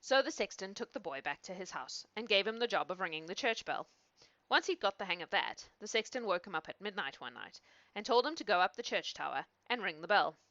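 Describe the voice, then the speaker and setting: A woman reading a fairy tale aloud in a lively, expressive way. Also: mid-range voice, fairly quick, no echo. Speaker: storyteller. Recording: dull, dry lo-fi recording.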